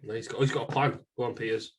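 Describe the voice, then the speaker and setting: Podcast co-host, man, husky voice, laid-back, trips over words. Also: mid-range voice, fairly even intonation, fast talker. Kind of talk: casual chat.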